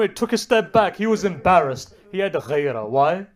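A man preaching an emotional sermon story, swinging from hushed low tones to loud, impassioned climaxes and asking the audience rhetorical questions. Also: big pitch swings, normal speed.

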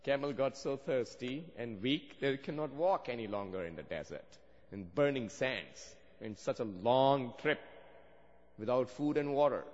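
Preacher with a long hall echo. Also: male voice, medium pitch, expressive, normal speed, darkish tone. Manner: storytelling, rising to fervent emphasis. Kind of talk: sermon. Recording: dull sound with long hall reverb.

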